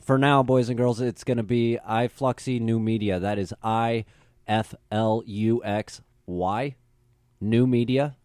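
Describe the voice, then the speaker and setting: A man's voice: medium pitch, steady tone, measured pace, darkish tone, clear, resonant tone, dry recording, studio quality. A man from the upper Midwest, a guest on a podcast, talking in a laid-back, plainspoken way. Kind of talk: casual podcast chat.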